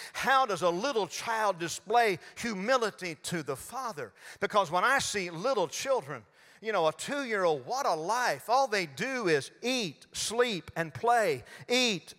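A man's voice: sits high, pushed and bright, in a large hall. An older man preaching a sermon in a folksy storytelling way, acting out little voices as he goes. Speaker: pastor.

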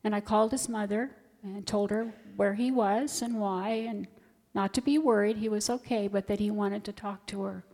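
Her voice sits at medium pitch, steady and somewhat dark, moving at a moderate pace. She is a middle-aged woman, a volunteer hospital chaplain, giving a sincere, heartfelt testimony in church, with long church reverb on the recording.

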